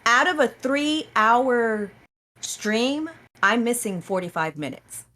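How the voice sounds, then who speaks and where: A woman guest on a podcast, telling stories about streaming in a casual, animated way, acting out her own reactions and laughing often. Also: fairly high pitch, takes it slowly. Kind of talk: casual interview chat.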